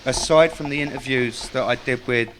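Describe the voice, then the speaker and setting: A man's voice: mid-range voice, fairly even intonation, normal speed, a bit bright, a little hiss or hum. Wry man telling stories to a club crowd. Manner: wry, self-mocking storyteller. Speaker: speaker at a tribute evening. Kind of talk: anecdotes and recited tribute poem. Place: club function room with live audience.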